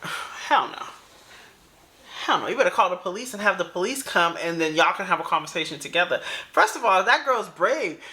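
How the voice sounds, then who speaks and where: A woman hosting a reaction video, her pitch swinging widely as she gives blunt, opinionated commentary. Her voice is bright and forceful, and she lectures the audience with emphatic warnings. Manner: emphatic, opinionated, scolding the viewers. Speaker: reaction channel host.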